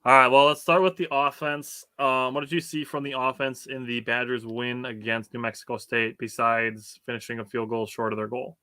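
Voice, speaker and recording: Podcast co-host guy, lots of you-knows, laughs along, clear bright voice, dry sound. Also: mid-range voice, little pitch movement, moderate pace, hardly any pauses, dry recording. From Wisconsin. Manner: reflective, hedging with fillers, chuckles often. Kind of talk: casual sports chat.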